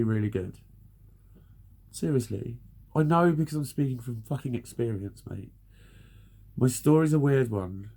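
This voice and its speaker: A man's voice: mid-range voice, dark tone. A man in his forties giving blunt, sweary, earnest advice in a ranting monologue. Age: 40s. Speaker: vlogger.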